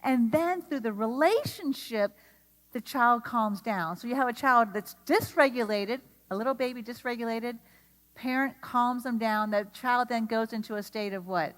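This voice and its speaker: A woman giving an animated workshop lecture to teachers, often putting questions to the audience. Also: on the high side, moderate pace. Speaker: speaker at an educator training. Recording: long hall reverb.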